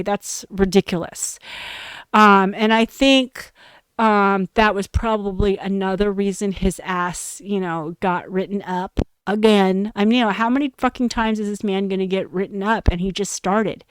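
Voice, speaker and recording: A woman's voice: mid-range voice, clean tone, no echo. A young adult woman hosting a podcast, telling a story in an exasperated, profane, emphatic rant. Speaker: podcast host.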